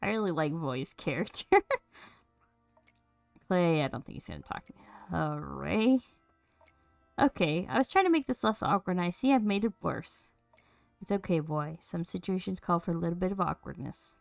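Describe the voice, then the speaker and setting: A woman's voice: lowish voice, fairly quick, vocal fry, dry recording, faint music behind. A woman streaming a narrative game, reading out all the characters' lines in playful, shifting voices. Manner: switches between character voices, lively and playful. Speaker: streamer voicing a game's characters.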